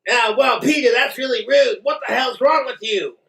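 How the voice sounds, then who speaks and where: A man doing an impression of a gruff, shouting cartoon cop neighbor. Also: very high voice, normal speed, recorded from a distance, voice pushed up, heavily acted, low-quality recording. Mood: indignant.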